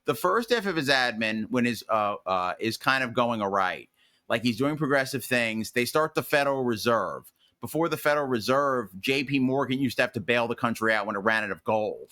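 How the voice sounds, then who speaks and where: A man with a bright, forceful voice talks through history in a loose, rambling way. He is opinionated and full of fillers and restarts, like a podcast host chatting casually. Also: medium pitch.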